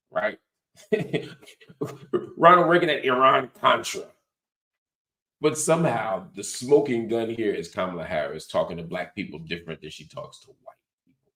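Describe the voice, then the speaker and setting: A middle-aged man with a deep, low voice hosts a political commentary show. He talks in a lively, sarcastic way and drops mocking asides as he goes. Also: normal speed. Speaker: host.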